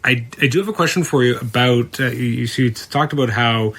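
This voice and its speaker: A man hosting a podcast interview, talking casually with halting starts and easy laughter. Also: mid-range voice, noisy background. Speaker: podcast host.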